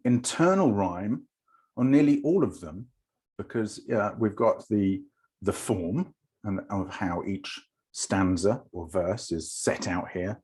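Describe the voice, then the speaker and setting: Low husky man with an RP accent. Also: darkish tone. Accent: English RP. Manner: thoughtful, with frequent ums and uhs. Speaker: lecturer. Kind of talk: recorded lecture on poetry.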